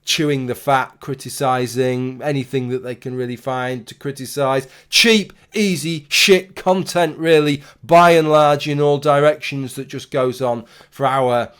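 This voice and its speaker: A man's voice: mid-range voice, fairly even intonation, moderate pace, hardly any pauses, clear, resonant tone. Opinionated rambling man vlogging. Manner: opinionated, rambling, with restarts and swearing. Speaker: YouTuber. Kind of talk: casual talking-head commentary.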